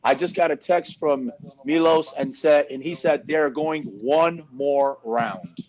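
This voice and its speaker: A man hosting a casual chat, telling animated, profane stories and acting out what others said. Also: a little high, measured pace, lo-fi sound. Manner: animated storyteller, profane, acts out other people's lines. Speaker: host.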